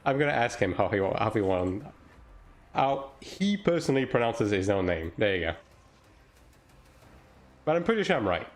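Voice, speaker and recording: A man's voice: lowish voice, sing-song, normal speed, pauses often. A man streaming a game live, talking casually and swearing as he chats with viewers. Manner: casual, profane, talks to chat while playing. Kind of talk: live-stream gaming commentary.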